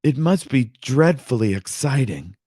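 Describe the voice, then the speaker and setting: A man's voice: medium pitch, very animated, measured pace, dark tone, husky, no room sound, clean studio sound, pitched above the performer's own voice. A man doing a coy young woman. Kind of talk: audiobook reading with character voices.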